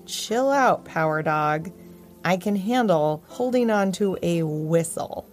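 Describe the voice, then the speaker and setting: A woman's voice: fairly low pitch, expressive, slow pace, soft background music. A woman voicing a cheerful, laid-back young male puppy who talks in casual slang. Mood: breezy.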